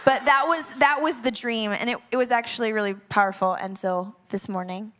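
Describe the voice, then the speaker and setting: A woman worship leader telling a funny dream story, animated and dramatic, laughing as she goes. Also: a little high, fairly quick. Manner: animated, laughing often, dramatic self-mocking asides. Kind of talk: humorous dream storytelling to a class.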